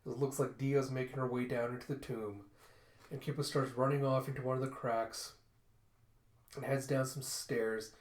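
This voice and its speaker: A man's voice: mid-range voice, steady tone, moderate pace. Casual man narrating a comic, echoey room. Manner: casual, chatty, repeats "and you see". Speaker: comic book reviewer. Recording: roomy echo.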